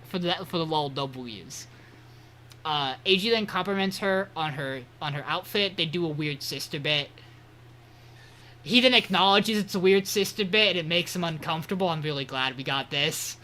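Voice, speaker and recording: A man's voice: on the high side, lively intonation, moderate pace, pushed and bright, slight background noise. A man co-hosting a podcast, recapping an episode in a rambling, swearing, casual way. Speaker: podcast co-host.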